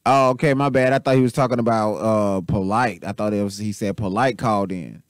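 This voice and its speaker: A man's voice: on the low side, fairly quick, dry recording, studio quality. A man hosting a commentary show, casually thinking aloud about clips he replays.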